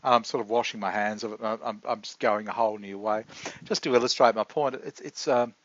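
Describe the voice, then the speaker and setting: A man talks through a rambling video diary, halting and confessional as he stops and restarts his thoughts. His voice sits at an ordinary middle pitch. The recording is dull and lo-fi, with a dry sound and no room echo. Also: fairly bright tone. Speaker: vlogger.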